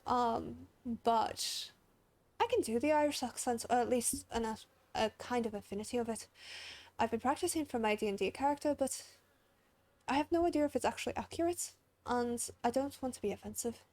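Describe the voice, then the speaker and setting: A woman's voice: a little high, brisk, a little mellow. Chatty English-Aussie woman streamer. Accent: English with an Australian twang. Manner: chatty, emotional, laughs often, swears. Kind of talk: casual gaming commentary.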